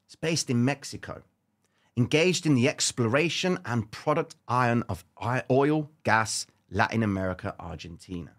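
Lively man talking markets. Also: mid-range voice, a little slow. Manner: lively, addresses viewers as ladies and gentlemen; informal slang, frequent okay and right checks. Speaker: market commentary host. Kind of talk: casual market commentary.

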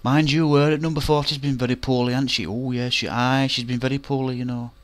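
A man's voice: mid-range voice, fairly even intonation, brisk, pitched above the performer's own voice, natural voice. A man voicing a gossiping older mill woman in a shop queue. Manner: chatty, tutting gossip.

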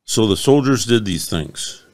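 A man reading a chapter of the Bible aloud, slow, measured and solemn. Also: fairly low pitch, animated. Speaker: scripture reader.

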